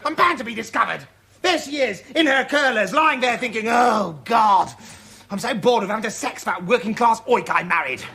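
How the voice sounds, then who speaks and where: An actor with a British accent playing a vain, pompous out-of-work actor in a studio sitcom, talking in a theatrical, self-dramatizing way, with audience laughter. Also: male voice, very high-pitched, lively intonation, moderate pace, vocal fry, pushed and bright, a little hiss or hum, exaggerated voice. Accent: British English.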